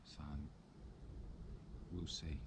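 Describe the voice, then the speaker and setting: A man, a vlogger chatting casually and rambling a little as he demonstrates bushcraft in the woods. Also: drawn-out words. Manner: rambling and chatty, with frequent chuckles. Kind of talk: casual outdoor chat and demonstration. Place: woodland outdoors. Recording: outdoor background noise.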